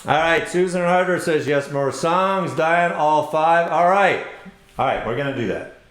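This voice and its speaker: A man's voice: on the high side, measured pace, faint music behind. A man hosting an online ukulele play-along, chatting casually and self-deprecatingly with viewers between songs. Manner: relaxed, self-deprecating, chuckles often. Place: home room with ukulele. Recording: roomy echo with loud ukulele. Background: ukulele playing.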